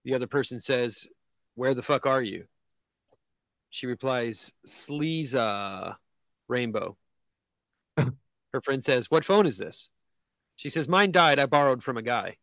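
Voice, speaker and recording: A man co-hosting a casual comedy podcast, reading memes aloud in a deadpan way and laughing at his own jokes. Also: medium pitch, a little slow, pauses often, no room sound. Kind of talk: casual chat. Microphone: video call.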